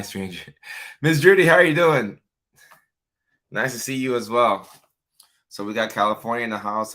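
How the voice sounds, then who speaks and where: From his home setup in California, a man hosts a casual livestream, greeting viewers by name and reading their comments aloud. His voice sits on the low side with a fairly bright tone, and his mood is upbeat.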